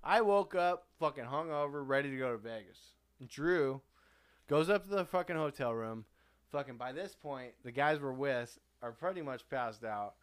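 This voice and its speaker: A man's voice: mid-range voice, expressive, moderate pace, clear, resonant tone. A young man hosting a podcast, telling a rambling, profane party story with laughs mixed in. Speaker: podcast host. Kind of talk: casual storytelling.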